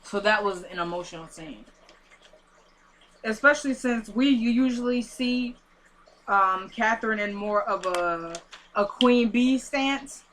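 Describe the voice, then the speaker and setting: A woman's voice: mid-range voice, measured pace, a bit bright, rough recording. A woman casually recapping a TV drama episode, chatty and loose, retelling scenes with lots of "like" and "she goes".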